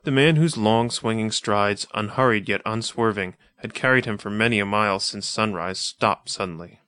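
Low-voiced man narrating an adventure tale. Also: pushed and bright. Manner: measured, atmospheric reading. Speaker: audiobook narrator. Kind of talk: scripted narration of a pulp adventure story.

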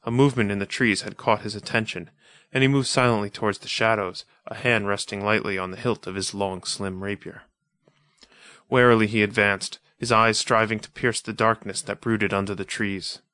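A man reading an adventure story aloud in a measured, atmospheric manner. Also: on the low side, steady tone, sharp tone, dry recording. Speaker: audiobook narrator. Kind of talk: scripted narration of a pulp adventure story.

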